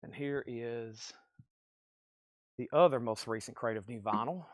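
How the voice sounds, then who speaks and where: A man running a livestreamed record sale, calling out bids and prices in brisk auctioneer-style bursts. His voice is mid-pitched and the sound is dry and close, though he drifts away from the mic as he moves around the shop. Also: no echo. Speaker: live sale host. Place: record store.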